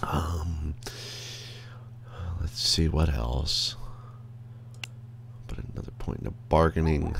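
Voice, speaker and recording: A man's voice: very deep voice, steady tone, slow pace, gravelly, pauses often, slight background noise. A man streaming a game, rambling to himself in casual commentary and swearing freely from his desk. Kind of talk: casual live gameplay commentary. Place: at a desk by a computer.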